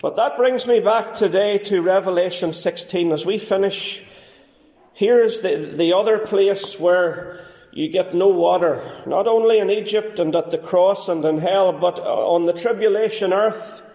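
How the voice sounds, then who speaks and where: A man preaching a fervent sermon as pastor, swinging between quiet and raised passages. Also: sits high, measured pace, roomy sound. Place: church.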